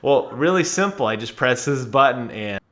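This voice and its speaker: A man co-hosting a gaming podcast in casual chat, animated and laughing often, asking questions. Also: medium pitch, normal speed, dull audio. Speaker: podcast co-host. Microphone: remote call mic.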